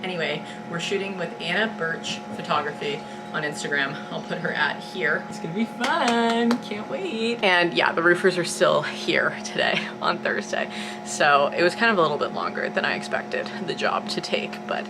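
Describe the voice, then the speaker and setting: A woman's voice: low voice, animated, moderate pace, over music, poor audio. A young woman talking casually to camera in a vlog, full of "like" and "you know". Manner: chatty, peppered with "like" and "you know". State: out of breath after walking uphill. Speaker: vlogger.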